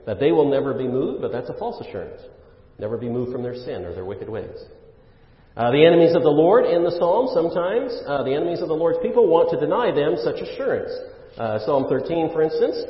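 Pastor preaching in an echoey hall. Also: male voice, a little high. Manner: conversational preaching with fillers and asides, swelling for emphasis. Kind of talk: sermon. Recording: roomy hall reverb, dull lo-fi sound.

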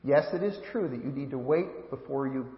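A man's voice: mid-range voice, a little fast. A man preaching a sermon as pastor, earnest, often repeating and restarting phrases as he speaks straight to the children. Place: church sanctuary. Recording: echoey church hall, slightly dull sound.

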